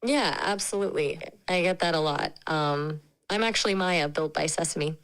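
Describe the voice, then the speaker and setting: A woman's voice: low-pitched, moderate pace, a bit bright, clear, resonant tone, poor audio. Friendly, chatty synthetic female companion voice. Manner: chatty, opinionated, friendly and casual. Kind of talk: conversational AI chat.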